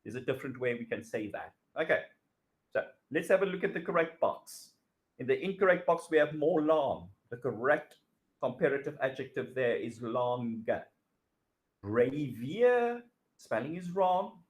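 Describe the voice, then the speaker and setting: A middle-aged man teaching a recorded grammar lesson, slow and patient, repeating phrases and asking the students questions. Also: mid-range voice, expressive. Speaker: English teacher.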